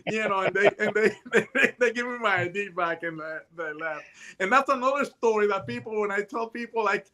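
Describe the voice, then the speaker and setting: A man in his late fifties, a retired hostage negotiator, telling stories in a casual chat, animated and full of restarts and voiced quotes. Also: high-pitched, brisk, a crowd in the background. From United States. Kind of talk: casual storytelling.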